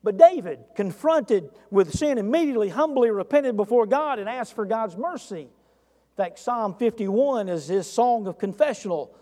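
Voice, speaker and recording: A man with a notably high speaking voice delivers an earnest sermon as pastor. He leans into direct questions to the congregation, and his words ring out with a long reverb tail from a large church room. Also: animated, moderate pace, mellow.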